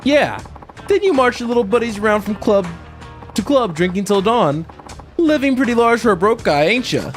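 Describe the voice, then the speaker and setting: A brash woman debt collector in a crime game bullies a debtor with slow, drawn-out jeers, as a man reads her part. The voice rises and falls a lot and stays mocking throughout. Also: high-pitched, animated, soft background music, voice pushed up. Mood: taunting. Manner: slow, taunting. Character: tough female debt collector, brash and menacing.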